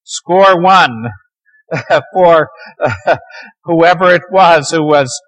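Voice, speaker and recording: A man lecturing a class on the Bible, telling its stories dramatically and sometimes dropping to a near hush. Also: a little high, drawn-out words, poor audio. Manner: dramatic storytelling, dropping to near hushed tones.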